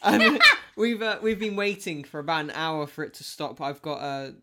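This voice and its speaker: An excitable man hosts a laid-back chat from a home office upstairs, talking over a laptop mic. He giggles often and slips in quick joking asides. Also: fairly high pitch, background noise. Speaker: podcast host. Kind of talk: casual chat.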